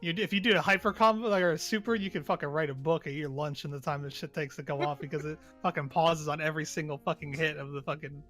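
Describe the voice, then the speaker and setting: Guy with a high voice swearing nonstop, chatting about games, faint music behind. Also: fairly even intonation, fast, hardly any pauses, a bit bright. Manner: profane, laughing storyteller. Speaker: podcast co-host. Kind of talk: casual gaming chat.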